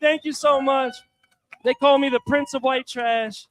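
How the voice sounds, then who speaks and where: A young man on a comedy stage, with a strikingly high voice, runs a crude, self-mocking stand-up set. He talks loosely and casually, throwing questions out to the crowd as he goes. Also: fairly even intonation, unhurried, a bit bright, dry recording.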